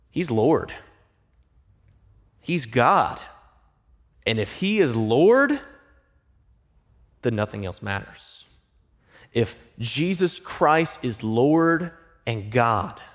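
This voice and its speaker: Animated man preaching a sermon. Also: medium pitch. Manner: animated preaching that drops to hushed, emphatic lines; acts out quoted voices and asks the congregation questions. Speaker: pastor.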